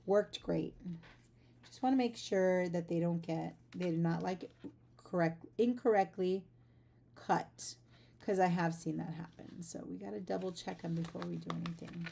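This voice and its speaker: Packing orders in her home art studio, a sleepy, just-woken woman hosts a casual livestream and rambles chattily to viewers as the artist behind the shop. She has a lowish, gravelly, warm voice, steady in tone at a normal speed, with slight background noise.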